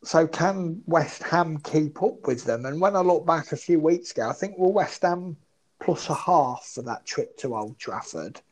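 A man's voice: fairly high pitch, lively intonation, a little slow, a little mellow, low-quality recording. A man chatting about football betting odds, thinking aloud and poking fun at his own past tips. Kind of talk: casual betting podcast chat.

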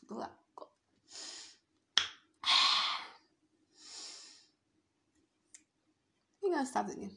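A woman's voice: mid-range voice, vocal fry. A young woman, hosting a casual solo podcast, rambling, giggling and restarting as she talks. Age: young adult. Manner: rambling and giggly, restarts often, hums and sings to herself. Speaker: podcast host.

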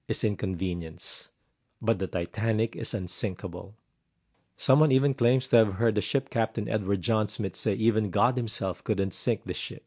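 A man telling a devotional story in an earnest, measured way, slowing down for dramatic moments. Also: fairly low pitch, a little mellow, highs cut off.

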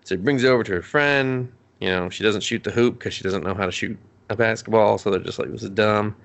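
A man's voice: on the low side, fast talker, creaky, a bit bright. A man co-hosting a casual podcast, rambling through an anime recap, swearing a lot and acting out the characters' lines. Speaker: podcast co-host.

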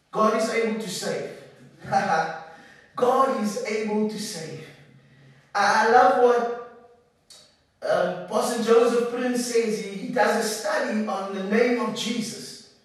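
A woman's voice: on the high side, slow pace, long pauses. A woman preaching a fervent sermon, repeating her phrases and often saying "man". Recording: very echoey, from far off.

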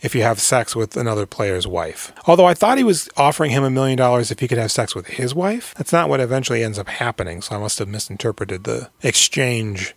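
A man co-hosting a casual podcast, retelling a movie plot in a rambling, deadpan way with some swearing. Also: medium pitch, quick pace, gravelly, few pauses, dry recording. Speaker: podcast co-host recapping a movie. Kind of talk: casual chat.

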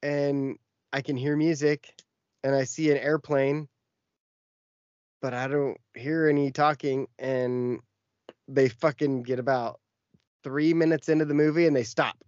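A man's voice: medium pitch, steady tone, unhurried, pauses often, a little mellow, dry recording, dull audio. A man co-hosting a podcast, telling a long story in casual chat with lots of fillers. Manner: rambling storytelling with many fillers. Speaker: podcast co-host.

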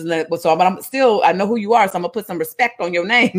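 A woman preaches, reading scripture aloud and breaking off into casual, humorous retellings. Her voice sits at an average pitch. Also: brisk. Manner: animated storytelling, jokes and voices, casual asides. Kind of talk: sermon, reading scripture with commentary.

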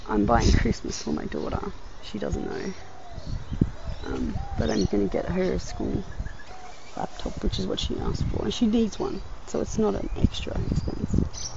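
A woman's voice: medium pitch, big pitch swings, measured pace. A woman, congested from a headache, musing aloud and laughing in a casual outdoor podcast monologue. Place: outdoors, sitting on the ground. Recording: muffled with clear background noise.

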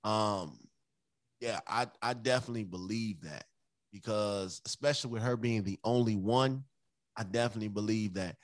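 A man's voice: lowish voice, normal speed, no echo. A man co-hosting a casual podcast, talking emphatically about his family, repeating phrases and acting out his children's voices. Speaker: podcast co-host.

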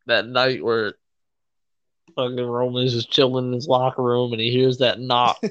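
A man in casual chat about wrestling, excitable, laughing often and swearing freely. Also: mid-range voice, slow, long pauses, muffled recording.

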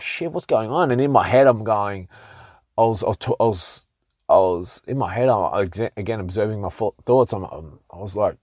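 A man tells a personal story to his podcast listeners in a loose, animated way. He often restarts his sentences and acts out his own thoughts as he goes. His voice sits fairly low, and the recording is dry with no room sound. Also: no room sound. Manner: animated, with frequent restarts and self-quoting. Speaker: podcast host. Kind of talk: casual storytelling monologue.

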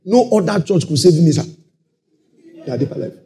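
A man's voice: on the high side, expressive, normal speed, gravelly, mellow. A man preaching a sermon, often breaking in with praise and asking whether listeners are following. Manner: peppers talk with "praise the Lord" and checks listeners follow.

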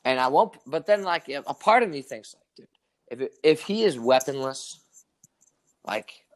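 A young man telling a story in casual chat, animated and profane, full of "dude" and "like". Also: mid-range voice, normal speed.

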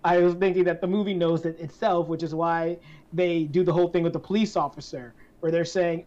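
Lower-voiced woman, lo-fi podcast mic. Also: steady tone, fairly quick, mellow. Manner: thoughtful, restarts sentences, hedging. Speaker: podcast co-host. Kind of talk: casual chat. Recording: slightly dull lo-fi sound.

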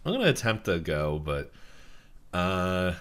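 A man's voice: low voice, big pitch swings, a little slow, fairly bright tone, clear, resonant tone. A man co-hosting a podcast, chatting casually, rambling through thoughts with lots of fillers and laughing mid-sentence. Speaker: podcast co-host. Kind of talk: casual chat.

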